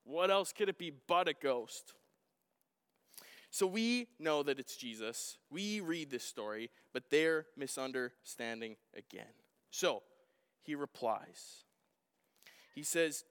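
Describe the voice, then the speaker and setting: A man preaches in a casual, conversational way, now and then asking the congregation questions. His voice is fairly high and smooth, and it carries a long hall reverb. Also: lively intonation, slow pace, pauses often, a bit bright. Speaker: pastor. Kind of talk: sermon.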